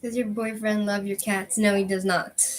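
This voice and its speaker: A woman hosting her own tarot channel, chatting casually and rambling, with lots of "like" and frequent throat clearing. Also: medium pitch, flat delivery, moderate pace. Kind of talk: casual livestream chat.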